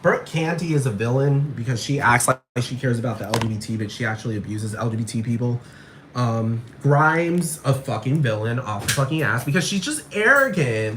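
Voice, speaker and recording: A young man rants straight into the camera, swearing freely and sounding fed up. His voice has a bright, forceful edge, and a faint hiss of ambient noise sits underneath. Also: medium pitch, animated, a little fast. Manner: profane, exasperated ranting with mocking mimicry. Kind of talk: ranting vlog monologue.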